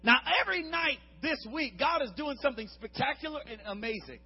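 A man preaching a lively, humorous sermon, acting out the Bible characters and swinging between shouts and hushed asides. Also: very high-pitched, brisk, muffled recording.

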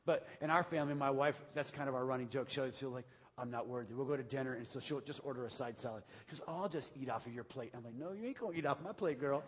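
A man preaching a sermon as pastor, going from hushed talk to shouted preaching in a large church. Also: mid-range voice, steady tone, fast, breathy edge. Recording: long hall reverb.

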